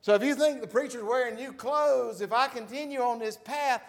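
A man's voice: very high voice, normal speed. A man preaching a sermon, telling stories and acting out the voices of people in them. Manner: animated storytelling, acts out voices. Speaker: pastor.

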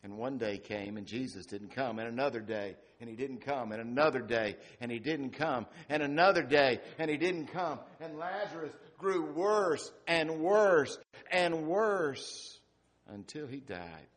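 A middle-aged male pastor preaching a sermon, rising to loud emphatic peaks and dropping to quiet, hushed lines. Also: medium pitch, moderate pace, hardly any pauses.

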